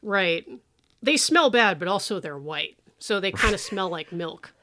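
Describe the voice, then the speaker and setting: A woman's voice: medium pitch, lively intonation, measured pace, noisy background. A woman co-hosting a podcast, chatting casually and sarcastically about a movie, with many fillers. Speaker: podcast co-host. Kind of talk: casual movie-review chat.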